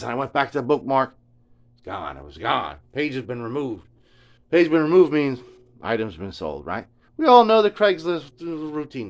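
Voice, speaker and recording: Rambling, mumbling middle-aged man. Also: mid-range voice. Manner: stammering, mumbling, drops to near whispers, lots of filler. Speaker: guitar repair vlogger. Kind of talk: rambling casual storytelling. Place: home workshop. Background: furnace.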